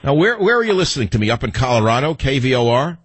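A man's voice: medium pitch, very animated, fast, breathy edge, dry recording. A middle-aged man hosting a talk radio show, ranting combatively and taking calls. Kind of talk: talk radio monologue and call-in.

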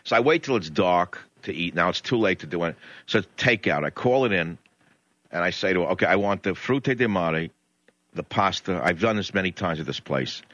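Ranting male radio host, bright lo-fi. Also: sits low, expressive, no room sound. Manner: ranting, indignant, rapid storytelling. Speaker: radio talk show host. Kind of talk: talk radio monologue. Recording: dull lo-fi radio broadcast.

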